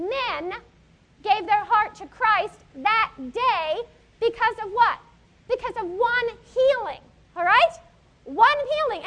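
A woman in her thirties preaching a sermon, telling stories with animation and putting questions to the congregation. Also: very high voice. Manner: animated storytelling, asks the audience questions.

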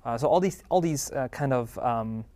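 A man explaining scripture in a casual religious discussion, halting with fillers. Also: medium pitch, lively intonation, a little mellow, dry recording.

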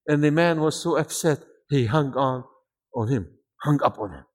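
Animated preacher with a foreign accent. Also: male voice, a little high, moderate pace. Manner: animated storytelling, shouting at peaks. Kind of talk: sermon.

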